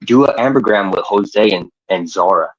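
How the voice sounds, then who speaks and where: A man with a low, husky voice talks in a halting, rambling way. His call audio sounds dry and muffled, with no room around it. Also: dry recording. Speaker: caller. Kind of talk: casual chat.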